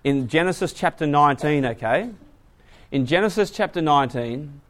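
A man preaching to a class, asking the audience questions and moving between hushed asides and loud emphasis. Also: fairly high pitch, expressive, normal speed, a little hiss or hum. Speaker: preacher teaching a Bible class. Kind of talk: sermon.

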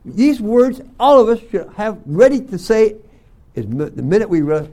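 An older man teaching a Bible school class, telling folksy stories and often clearing his throat. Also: sits high, sing-song, normal speed, darkish tone. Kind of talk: sermon to young students.

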